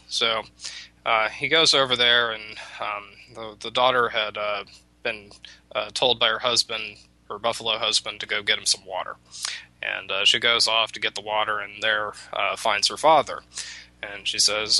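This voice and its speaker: A man telling a folk tale in a relaxed chat, often restarting his sentences and filling gaps with "uh" and "um". His voice is very bright and slightly low, and the sound is close and dry. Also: moderate pace, dry recording, low-quality recording. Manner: hesitant, many restarts and fillers. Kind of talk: casual storytelling chat.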